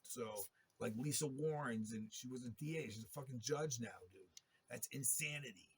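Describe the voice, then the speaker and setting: A man's voice: mid-range voice, moderate pace, a little hiss or hum. A man in a long, rambling monologue, talking in a profane and agitated way. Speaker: interviewee telling his story.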